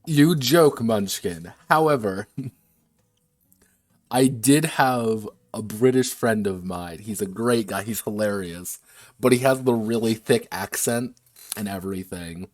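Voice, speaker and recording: A man's voice: on the low side, takes it slowly, no echo. A man chatting casually on a stream about designing games, rambling, laughing and swearing freely. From United States. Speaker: game designer streaming a workshop.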